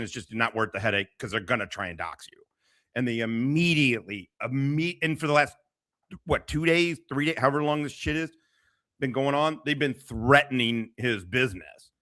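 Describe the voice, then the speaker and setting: A man hosting a livestream, rambling and swearing freely as he talks. His pitch swoops around a lot, and his voice has a bright, forceful edge. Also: animated, normal speed. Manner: rambling, profane, restarts sentences. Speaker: livestream host. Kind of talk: casual livestream commentary.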